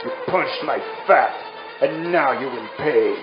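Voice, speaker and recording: A man voicing a big, hostile supermarket worker who speaks slowly and menacingly. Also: medium pitch, lively intonation, music in the background. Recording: roomy, dull lo-fi sound.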